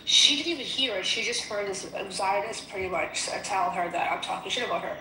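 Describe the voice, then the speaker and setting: A woman's voice: mid-range voice, a little fast, pushed and bright, slight background noise. A woman telling a story in casual chat, heated and profane. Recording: echoey room.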